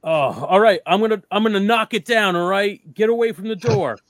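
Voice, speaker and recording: A man's voice: high-pitched, brisk, no echo, clean studio sound. A man playing a tabletop horror game, talking casually and chattily with lots of "like". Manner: lively, chatty, full of "like". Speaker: player. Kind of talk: casual role-play chat.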